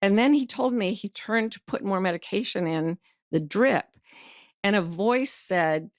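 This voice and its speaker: A woman's voice: medium pitch, lively intonation, measured pace, no room sound, clean studio sound. A middle-aged woman sharing a personal story as a podcast guest, vividly acting out the voices she quotes, blunt and earthy. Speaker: guest author and life coach. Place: podcast studio.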